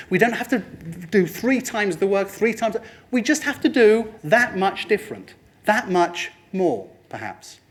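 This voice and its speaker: A high-pitched man at a training talk delivers an energetic motivational presentation to a room. He speaks straight to the audience and puts on other people's voices when quoting them.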